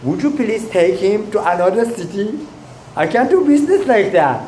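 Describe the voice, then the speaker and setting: Humble poor tailor, earnest asks, played by a male preacher, slightly high, echoey room. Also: big pitch swings, moderate pace, warm tone, a little hiss or hum. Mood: pleading.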